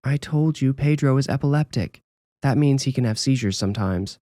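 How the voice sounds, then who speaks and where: A man's voice: medium pitch, normal speed, dark tone, no room sound, clean studio sound, pitched above the performer's own voice, lightly acted. A man voicing a middle-aged mother who is cool and commanding, in a raised, feminine voice for a spoken horror story. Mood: comforting. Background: music.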